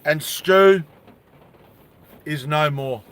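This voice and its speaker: Brief: man telling a story in a casual vlog, unhurried and bright, high-pitched voice. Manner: animated, laughs, asides to viewers.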